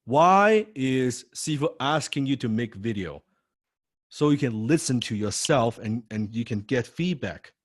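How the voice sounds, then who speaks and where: A man's voice: mid-range voice, expressive, measured pace, no echo. Male sales trainer, emphatic and repetitive, close dry mic. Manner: emphatic, repeats key phrases, acts out phone calls. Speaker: sales coach. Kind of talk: live sales training class.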